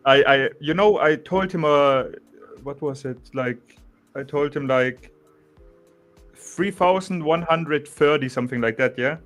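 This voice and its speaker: A young man with a German accent, chatting casually about trading, relaxed, restarting sentences and saying "bro" a lot. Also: on the high side, a little slow, faint music behind. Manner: relaxed, restarts often, says "bro" and "you know". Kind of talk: casual chat.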